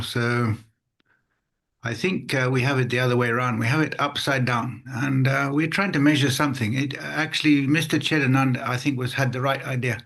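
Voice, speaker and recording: Man, mid pitch, thoughtful, polite, video call participant. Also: fairly bright tone. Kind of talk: casual discussion.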